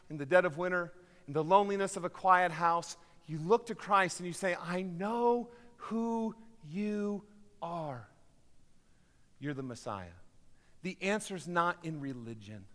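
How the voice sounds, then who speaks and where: A man preaching a sermon as pastor of his church, swinging from loud, driving appeals to quiet, hushed storytelling. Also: sits high. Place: church sanctuary. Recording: reverberant church hall.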